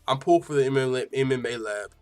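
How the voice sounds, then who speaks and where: A man's voice: mid-range voice, fast, clean tone, faint music behind. A slightly tipsy man hosting a live fight reaction stream, rambling and swearing in casual, boastful talk. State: a little tipsy. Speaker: livestream host reacting to fights.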